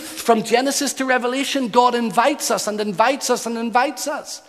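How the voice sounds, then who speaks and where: A man's voice: extremely high pitch, moderate pace, few pauses, fairly bright tone. A man preaching a sermon in earnest, building emphasis through repeated phrases. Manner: earnest, emphatic, rhythmic repetition. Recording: long hall reverb.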